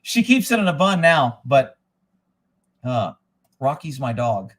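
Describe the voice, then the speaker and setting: A man's voice: mid-range voice, very animated, slow, a bit bright. A man hosting a live stream, talking in a blunt, profane, rambling way from indoors at his rural home. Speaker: livestream host. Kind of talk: casual rambling livestream talk.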